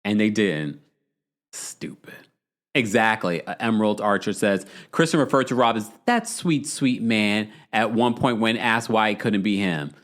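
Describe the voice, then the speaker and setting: A man's voice: fairly low pitch, normal speed, hardly any pauses, fairly bright tone. A man hosting a livestream, chatting casually, bluntly ranting and reading viewer comments aloud. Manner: blunt, exasperated rants. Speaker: podcast host.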